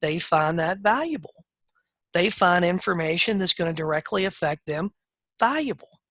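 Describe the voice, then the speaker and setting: Middle-aged male sales trainer, folksy and direct, bright tone, dry close sound. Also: high-pitched, expressive, normal speed, dry recording. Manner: direct, folksy, acts out seller calls in a raised voice. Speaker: real estate sales trainer. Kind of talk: live webinar coaching.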